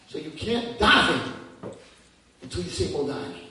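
A man in his fifties giving a lively religious talk, swinging from hushed tones to near-shouting. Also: fairly high pitch, a little fast. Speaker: religious teacher. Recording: echoey hall from far off.

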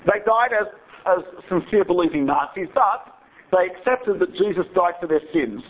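A high, husky male voice belongs to a rabbi telling a story to his students. He talks in a chatty way, wanders off on side remarks and keeps checking in with a quick "right?". The recording sounds dull and lo-fi. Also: expressive. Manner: digressive and chatty, checks in with listeners with rhetorical "right?". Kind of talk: storytelling lecture.

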